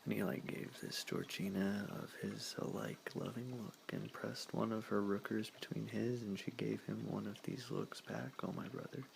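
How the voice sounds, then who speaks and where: A man reads aloud in a whispered ASMR style. His whisper sits low and crackles with heavy fry, and the delivery stays soft and slow. A faint hiss runs under the recording. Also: flat delivery. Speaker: reader.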